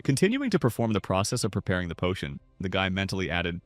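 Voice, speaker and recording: A man's voice: low-pitched, very animated, fast talker, no room sound, soft background music. A man narrating a scripted story recap.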